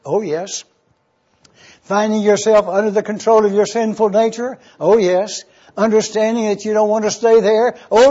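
A man's voice: sits high, darkish tone, slightly rough. An older man preaching a sermon, asking rhetorical questions and answering them himself, repeating key words for emphasis. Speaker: pastor. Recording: dull lo-fi recording.

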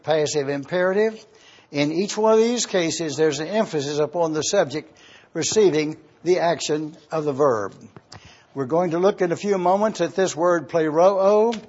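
Man, preacher, teaching sermon, careful and emphatic, slightly high voice, muffled lo-fi sound. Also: darkish tone. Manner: slow, careful and emphatic, spelling words out. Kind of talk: sermon, teaching Greek grammar. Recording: dull lo-fi recording.

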